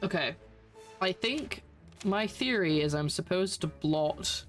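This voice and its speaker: Scottish streamer, chatty, thinking out loud during a let's play. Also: medium pitch, animated, slow pace, faint music behind. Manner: chatty, thinking aloud while puzzling. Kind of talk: casual let's-play commentary.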